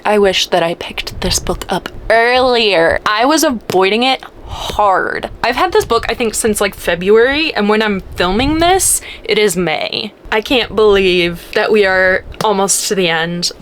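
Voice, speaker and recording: A young woman chatting casually in a reading vlog, excitable and rambling, swinging between hushed whispers and high squeals. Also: slight background noise. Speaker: book vlogger.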